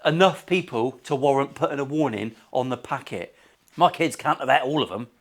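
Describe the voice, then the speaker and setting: A man's voice: mid-range voice, a little fast, soft background music. A middle-aged man, a luthier chatting casually through a workshop vlog, full of swearing and jokey banter. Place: guitar workshop.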